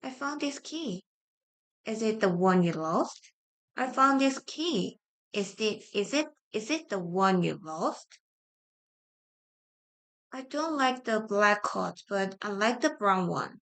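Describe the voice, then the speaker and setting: A woman whose first language is Korean, reading simple grammar practice sentences aloud, repeating each one with halting restarts. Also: mid-range voice, lively intonation, a bit bright. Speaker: study-with-me streamer.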